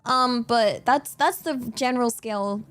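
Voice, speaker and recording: A young woman streaming, chatting casually in a giggly, animated, exclamatory way. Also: on the high side, a little slow, faint music behind. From England. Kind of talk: casual chat.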